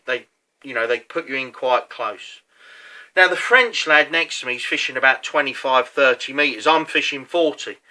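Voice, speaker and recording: A man's voice: mid-range voice, pushed and bright. A man, a competitive angler, recounting a match in a chatty, casual way, full of fillers and asides. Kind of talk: casual storytelling.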